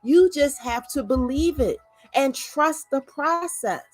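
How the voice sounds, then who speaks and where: A woman's voice: sits high, expressive, slow pace, soft background music. A woman hosting a live stream, giving motivational, faith-filled talk that repeats words for stress and calls out to viewers by name. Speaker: livestream host.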